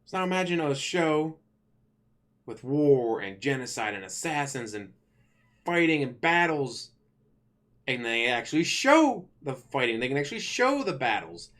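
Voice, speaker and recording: A man in a middle pitch rants casually to his viewers. He rambles, stops to correct himself mid-sentence, and swears freely. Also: big pitch swings, unhurried, fairly bright tone. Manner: rambling, self-correcting, blunt with profanity. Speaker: channel host. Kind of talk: casual rant to camera.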